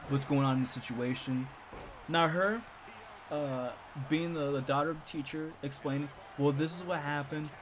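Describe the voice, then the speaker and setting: A young man telling a story from his school days in a casual, animated way, growing loud and excited as he rants. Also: a little high, noisy background. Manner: animated, gets loud and excited when ranting. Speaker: storytime streamer.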